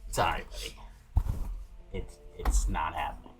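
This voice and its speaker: A man's voice: low-pitched, fairly even intonation, takes it slowly, over music. A man chatting casually, rambling and joking with friends. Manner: rambling, playful, husky. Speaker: co-reader. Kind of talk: casual chat.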